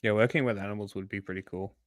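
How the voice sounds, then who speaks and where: A man's voice: lowish voice, fairly even intonation, rapid-fire, dry recording, clean studio sound. A man co-hosting a stream, reacting to a video in laid-back, teasing chat. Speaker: stream co-host.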